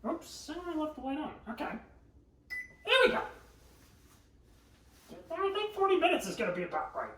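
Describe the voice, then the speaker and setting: A man's voice: very high voice, huge pitch swings, normal speed, pauses often, a bit bright, distant mic. A man hosting a live cooking stream, chatting and joking with viewers and laughing often. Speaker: livestream cooking host. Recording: echoey room, voice off-mic.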